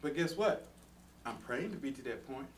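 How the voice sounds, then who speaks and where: A man's voice: mid-range voice, animated, normal speed. A man teaching a conversational Bible study sermon, earnest and direct, talking to the room and acting out everyday quarrels. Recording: distant mic with faint background noise.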